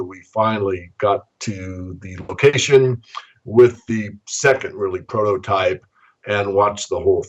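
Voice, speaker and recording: A man, a guest analyst, talking in a measured way with frequent fillers and restarts in a podcast interview. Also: sits low, dull audio. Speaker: guest, precious metals analyst.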